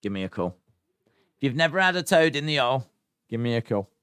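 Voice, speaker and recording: A man's voice: medium pitch, big pitch swings, fairly quick, a bit bright, clean tone, no room sound, studio quality. An English man hosting a live stream, casually reading viewer comments with playful, mock-indignant banter. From England. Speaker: live stream host reacting to wrestling.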